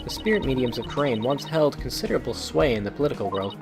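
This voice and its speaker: A man's voice: medium pitch, expressive, quick pace, creaky. A man hosting a let's play, reading the game's dialogue aloud casually, stumbling over words and cracking jokes. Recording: game music under the voice.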